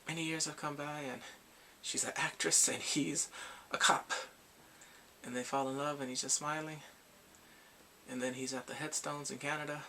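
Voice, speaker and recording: Gravelly, bright-voiced man recapping excitedly. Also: fairly high pitch, normal speed, slight background noise. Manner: animated, acts out characters' lines and his own reactions. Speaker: drama reviewer. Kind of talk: casual excited episode recap.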